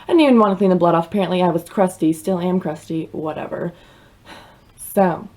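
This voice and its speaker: A woman's voice: on the low side, brisk, a little mellow. A young woman vlogger telling a dramatic personal story in a chatty way, full of fillers. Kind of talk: storytime vlog.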